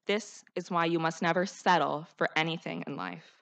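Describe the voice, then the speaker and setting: A teenage girl speaks at a podium as the class salutatorian, her voice sitting a little low for a young woman. She delivers her graduation speech in an earnest, heartfelt way and builds to rousing calls to action. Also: steady tone, moderate pace, vocal fry, fairly bright tone. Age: teens.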